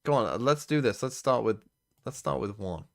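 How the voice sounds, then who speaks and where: Low-pitched male streamer, offhand and muttering, frequent swearing. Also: lively intonation, fairly quick. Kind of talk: casual live-stream commentary.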